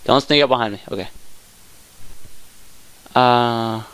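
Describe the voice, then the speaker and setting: A young man casually commenting on his own gameplay, talking to himself and his viewers, saying y'all a lot, with excited outbursts. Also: medium pitch, slow, clean tone. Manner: says y'all often. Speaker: let's play gamer.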